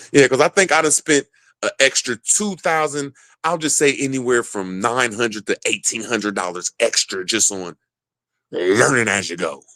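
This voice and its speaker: A man's voice: medium pitch, a little slow, sharp tone, dry recording. A man in casual chat, talking loosely with lots of swearing and frequent laughter. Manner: loose, joking, heavy swearing; laughs often between lines.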